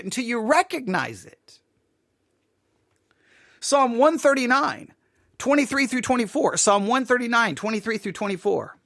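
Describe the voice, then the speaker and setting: Man, Bible teacher, high voice, very lively pitch, dry close sound, earnest and emphatic, repeats himself. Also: dry recording. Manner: earnest, emphatic, with frequent repetitions and restarts.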